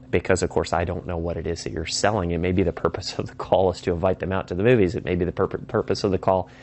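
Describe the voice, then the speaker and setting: Low-voiced man teaching sales technique. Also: darkish tone. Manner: emphatic, acts out phone lines. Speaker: sales trainer. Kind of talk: instructional talk.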